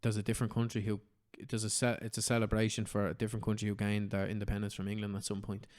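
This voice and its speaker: A man's voice: on the low side, monotone, quick pace, a little mellow. An Irish man hosting a podcast, chatting casually with lots of swearing and "do you know what I mean". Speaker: podcast host.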